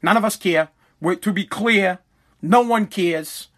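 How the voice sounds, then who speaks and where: A middle-aged man rants through a comedic monologue in a fairly high register, swearing freely as he rambles through his stories. His voice is bright and sharp, and his delivery is blunt, loose and unfiltered. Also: a little slow. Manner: profane, blunt, rambling storyteller.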